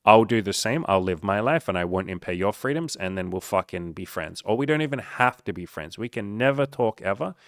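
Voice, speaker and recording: A man's voice: fairly low pitch, animated, a little fast, few pauses, no echo, clean studio sound. A male life coach talking straight to the viewer in a blunt, emphatic way, swearing often and mocking the doubts in people's heads. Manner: blunt and profane, heavy swearing; emphatic, mocks the listener's inner voice. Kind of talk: motivational monologue.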